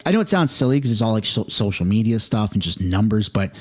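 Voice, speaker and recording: A man's voice: on the low side, animated, quick pace. A man from Canada, hosting a livestream, reading out viewer comments and rambling through opinionated asides with a chuckle. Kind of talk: casual political livestream commentary.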